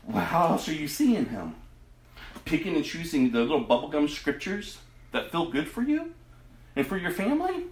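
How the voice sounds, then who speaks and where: Man, pastor, sermon, impassioned, hushed to loud, very animated pitch, echoey room. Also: moderate pace.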